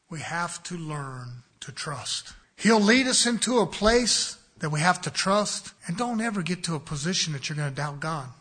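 Brief: male pastor, fervent and folksy, rising to loud bursts, dropping to hushed asides, higher bright tone. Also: husky. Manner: impassioned, swings between loud emphasis and quiet asides; folksy, homespun examples. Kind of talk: sermon. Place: church sanctuary.

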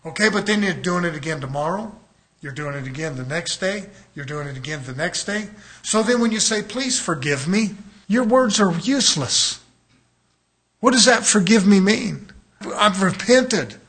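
A man's voice: sits high, lively intonation, normal speed, a bit bright. A man preaching a sermon as a pastor, in a conversational way, often acting out the voices of people he quotes.

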